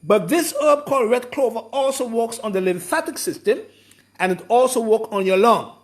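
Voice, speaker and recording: A man giving an informal lecture, explaining slowly and repeating his points with emphasis. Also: extremely high pitch, lively intonation. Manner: slow, repetitive, emphatic explaining. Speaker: herbalist explaining a program.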